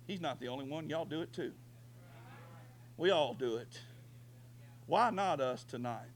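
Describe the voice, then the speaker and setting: A middle-aged man preaching a fervent sermon, swinging from quiet stretches to shouting. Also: on the high side, a little slow, long pauses, a little hiss or hum. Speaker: pastor.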